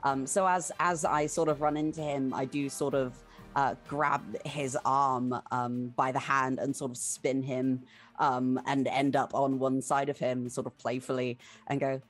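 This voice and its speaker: A woman's voice: extremely low pitch, little pitch movement, unhurried, faint music behind. A woman from Britain playing in a tabletop game, chatting casually and joking around. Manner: joking, loose. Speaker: player.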